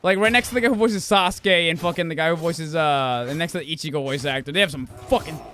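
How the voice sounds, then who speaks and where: A man's voice: on the high side, fast talker, sharp tone, faint music behind. A man streaming a game, chatting casually in a loose, profane, rambling way. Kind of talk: casual gaming stream chat.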